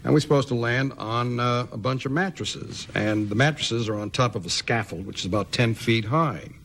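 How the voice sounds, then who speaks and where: A man telling an anecdote as a talk show guest, dry and halting, with many restarts. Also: medium pitch, creaky, a bit bright. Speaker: actor guest.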